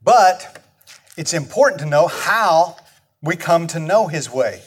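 A man's voice: on the high side, animated, takes it slowly, husky. A man preaching a sermon, talking conversationally and asking the congregation questions. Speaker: pastor.

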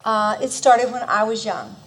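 Woman, Bible study teacher, a bit high-pitched, earnest, conversational, emphatic in personal stories. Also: expressive, unhurried. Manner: earnest, conversational, often restarts mid-sentence.

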